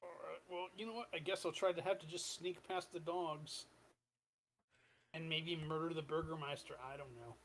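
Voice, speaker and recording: A man playing in a casual tabletop game, joking loudly and rambling through his plans. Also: fairly high pitch, fairly even intonation, normal speed, slight background noise. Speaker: player.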